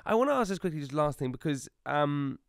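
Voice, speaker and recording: A man hosts an interview podcast, eager and encouraging. His voice is smooth and clear. The recording is close and dry. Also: fairly high pitch, very animated, brisk, no echo. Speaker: podcast host. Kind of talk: conversational interview.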